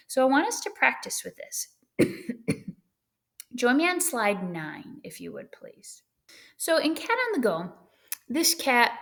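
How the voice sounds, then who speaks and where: A middle-aged woman teacher giving a recorded lesson in a lively way, often checking in with "right?" and "okay?". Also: fairly high pitch.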